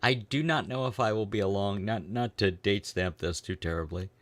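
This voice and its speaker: A man's voice: lowish voice, normal speed, a bit bright, dry recording. A man co-hosting a casual comedy podcast, laid-back and swearing, laughing often. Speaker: podcast co-host.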